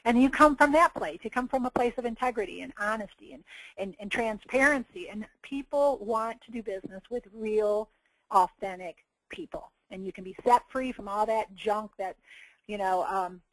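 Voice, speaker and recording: Woman doing a motivational webinar talk, earnest and preachy, mid pitch, dry sound. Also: normal speed, fairly bright tone, no echo, poor audio. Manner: earnest, preachy, acts out quotes. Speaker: success coach.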